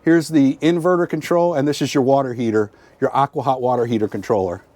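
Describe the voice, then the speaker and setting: A man's voice: medium pitch, steady tone, fairly quick, a little mellow, no echo. A man casually giving a chatty, upbeat walkthrough of a motorhome at an RV show, pointing out features with frequent fillers. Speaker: RV travel vlogger giving a tour.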